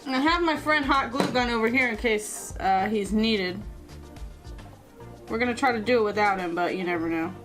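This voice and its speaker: A woman's voice: on the high side, moderate pace, long pauses, fairly bright tone, soft background music. A woman chatting through a casual crafting vlog, joking and teasing herself as she works. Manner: chatty and self-mocking. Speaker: craft vlogger.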